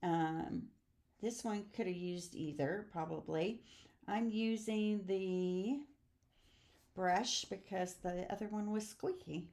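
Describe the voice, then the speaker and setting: A woman's voice: mid-range voice, fairly even intonation, takes it slowly, darkish tone. Woman in her sixties, craft class host, chatty, homey, demonstrating step by step. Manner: chatty, homey, sings snippets and laughs.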